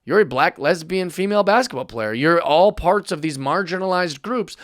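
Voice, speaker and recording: Excitable man on a sarcastic comedy rant. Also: on the high side, moderate pace, no room sound, studio quality. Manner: animated, sarcastic, builds to loud mock outrage. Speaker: podcast host.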